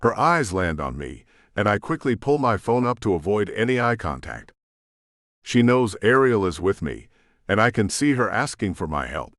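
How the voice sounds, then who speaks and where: A man narrates a romance audiobook in first person, with a deep voice that swings expressively. The recording is close and dry, with no room sound. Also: sing-song, moderate pace, fairly bright tone, no echo. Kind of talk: scripted narration.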